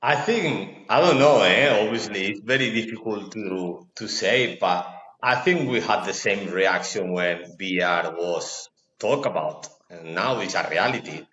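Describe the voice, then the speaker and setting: Male podcast co-host, calm contrarian, mid pitch, recorded in a reverberant room with a dull sound. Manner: calm, halting, restarts phrases; teasing, plays devil's advocate. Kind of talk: football podcast chat. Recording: roomy echo, dull sound.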